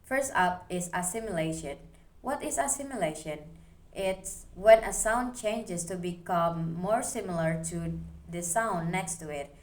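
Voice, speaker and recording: A woman's voice: on the low side, a little slow. A young woman student giving a recorded class presentation, explaining steadily as she reads through her slides.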